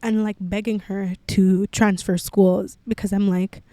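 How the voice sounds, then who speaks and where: A woman's voice: mid-range voice, level tone, measured pace, warm tone, no room sound. A young woman hosting a podcast, telling her own story candidly and peppering her speech with "like". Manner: candid, filler-heavy with frequent "like". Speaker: podcast host. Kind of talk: personal storytelling.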